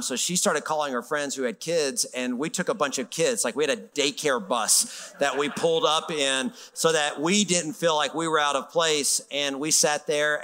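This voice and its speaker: A middle-aged man preaching to a congregation with a bright, forceful, slightly high voice. He tells a story in a loose, conversational way and acts out the people in it. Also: long reverb tail. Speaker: pastor. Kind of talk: sermon storytelling.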